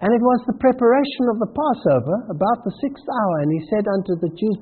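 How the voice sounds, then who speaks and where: A man preaching a sermon in a high, lively voice that swoops through dramatic emphasis as he reads scripture. His tone is husky, and the audio sounds thin and tinny, as if heard over a phone line. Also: a little fast. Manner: emphatic, dramatic swings of pitch and pace while reading scripture.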